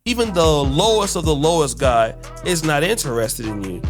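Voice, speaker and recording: A man's voice: fairly high pitch, expressive, moderate pace, soft background music. A man hosting reaction commentary, blunt and rambling as he lectures. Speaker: host.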